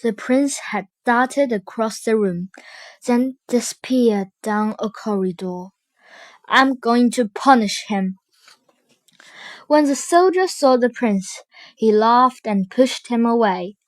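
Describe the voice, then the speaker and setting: A woman reading a children's storybook aloud, slowly and expressively. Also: on the high side, no echo. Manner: slow, careful, expressive reading. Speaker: storybook reader.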